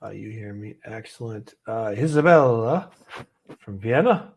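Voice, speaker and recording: A man's voice: on the low side, animated, measured pace, vocal fry, darkish tone, husky. A man hosting a live trading stream from an office, chatty and rambling with many fillers and easy laughs. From Canada. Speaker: host of a live trading show. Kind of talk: casual livestream chat.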